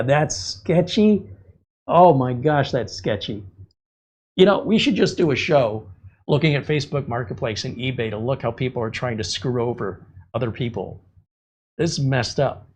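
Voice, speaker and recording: Husky man ranting sarcastically. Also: a little high. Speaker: livestream host. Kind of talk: casual livestream commentary.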